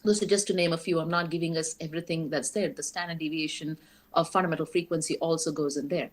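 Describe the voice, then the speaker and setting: A woman with a somewhat low voice lectures on a technical subject. She explains step by step and keeps the listeners engaged with frequent rhetorical questions. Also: fairly even intonation, fast. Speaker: guest lecturer. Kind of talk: academic lecture.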